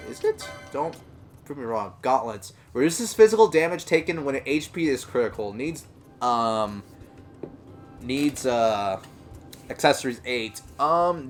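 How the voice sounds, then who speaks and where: A man's voice: medium pitch, sing-song, a little slow, soft background music. Chatty man commentating a video game. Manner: chatty, rambling, with many fillers and self-corrections. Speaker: gameplay commentator. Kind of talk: casual let's-play commentary.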